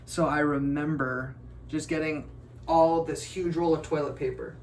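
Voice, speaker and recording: A man's voice: fairly high pitch, fairly even intonation, measured pace, a little hiss or hum, low-quality recording. A young man, a youth ministry leader, chatting casually while cooking and telling a rambling story. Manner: laid-back, rambling storyteller.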